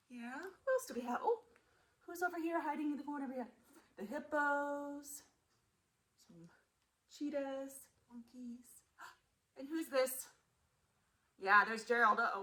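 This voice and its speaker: A woman museum storyteller reading a picture book aloud to children, animated and asking them questions. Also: high voice, a little slow, long pauses, poor audio.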